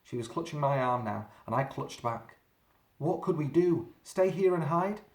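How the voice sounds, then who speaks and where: Guy reading a creepy kids story, drawn-out and dramatic, echoey room. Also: fairly high pitch, lively intonation. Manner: dramatic, slowing down for suspense. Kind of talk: reading a children's story aloud. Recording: roomy echo.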